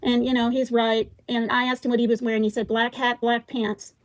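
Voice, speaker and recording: A woman with a somewhat high voice hosts a casual livestream. She reads text messages aloud in a halting way, breaking off with ums and side comments. Her voice is close to the mic and dry, with no room sound. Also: level tone, no room sound. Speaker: livestream host.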